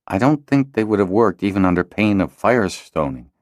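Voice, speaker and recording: A man's voice: on the low side, expressive, fairly quick, darkish tone, no echo, studio quality, pitched above the performer's own voice, close to an everyday voice. A man reading an audiobook, voicing a miserable male wing leader who pleads and protests. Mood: pleading. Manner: pleading, apologetic. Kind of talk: audiobook character voice.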